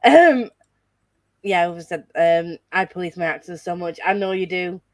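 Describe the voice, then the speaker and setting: A woman's voice: on the low side, moderate pace, dry recording. A woman with a Northern English accent, chatting casually with friends on a voice call, full of fillers and trailing off mid-thought. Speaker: channel host. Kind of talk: casual chat on a group call.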